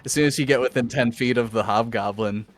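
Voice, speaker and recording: A man's voice: mid-range voice, fast, faint music behind. A man running a tabletop game as game master, narrating scenes and teasing the players in a dry way.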